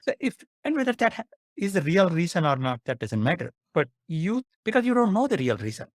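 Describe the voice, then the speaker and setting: A man, a psychiatrist guest, explaining with worked examples in an earnest manner, pausing with "uh". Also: sits high, no echo, clean studio sound. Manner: earnest and animated, with "uh" pauses.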